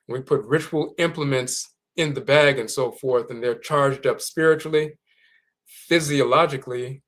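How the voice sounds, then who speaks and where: A man giving a deliberate, explanatory lecture on a spiritual tradition, spelling words out letter by letter as he goes. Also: medium pitch, a bit bright. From North America.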